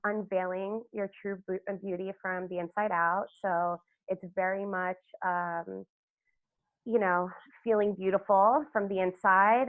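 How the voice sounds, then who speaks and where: A woman's voice: mid-range voice, no room sound. A woman hosting a podcast interview in casual chat, gushing and rambling with lots of fillers. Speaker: podcast host. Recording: dry, tinny phone-like line.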